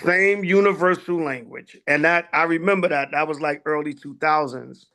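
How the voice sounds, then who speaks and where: A man with a high, gravelly voice leads a casual class as an elder. He tells long stories full of fillers, slipping into other people's voices as he quotes them. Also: moderate pace, sharp tone. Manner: storytelling with many fillers and quoted dialogue.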